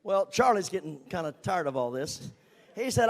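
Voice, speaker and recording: An older man telling his own story in a folksy, self-mocking way and chuckling at his younger self. His voice sits high for a man and has a gravelly, fry-edged texture. He talks at a relaxed, storytelling pace. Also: normal speed. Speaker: guest speaker. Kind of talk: personal testimony storytelling.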